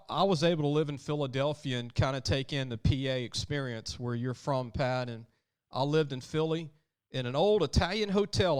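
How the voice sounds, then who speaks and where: A man's voice: mid-range voice, clear, resonant tone. A man hosting a sports podcast, telling stories in a chatty way and acting out the people he quotes. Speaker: podcast host. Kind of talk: casual sports talk.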